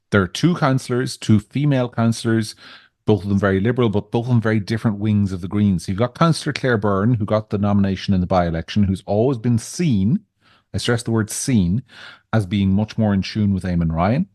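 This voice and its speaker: A man co-hosting a political podcast, giving measured opinions in casual chat with frequent restarts. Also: low voice, darkish tone, no room sound, studio quality. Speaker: podcast co-host.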